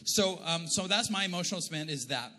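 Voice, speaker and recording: The long reverb of a large church hall carries this middle-aged Canadian pastor's sermon in a church auditorium. He is expressive and a little fast, his fairly high voice bright and forceful, keeping things loose, joking and conversational.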